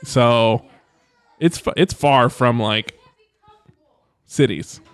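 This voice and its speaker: A man's voice: mid-range voice, drawn-out words, clear, resonant tone, dry recording. Man, podcast co-host, profane rambling talk, dry close sound. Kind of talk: casual chat.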